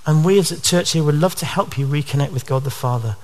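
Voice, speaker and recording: A male preacher delivers a sermon with earnest conviction. His voice sits slightly above the usual male pitch, and he keeps drawing the listeners in with rhetorical questions. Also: fast talker, darkish tone.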